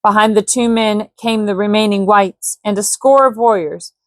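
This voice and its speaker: A woman reading a classic adventure novel aloud as a bedtime story, gentle, with casual asides to her listeners. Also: mid-range voice, steady tone, moderate pace, no echo. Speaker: storybook reader.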